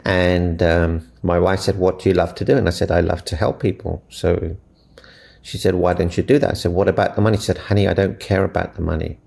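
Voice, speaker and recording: A man's voice: low-pitched, fairly even intonation, a little fast, creaky, darkish tone. A man from Africa, a relationship mentor, answering interview questions with earnest, inspirational stories and retold dialogue.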